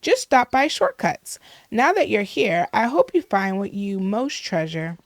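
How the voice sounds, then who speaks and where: A woman's voice: medium pitch, sing-song, measured pace, no echo. A woman reading a game's friendly barber character aloud, gushing and chatty.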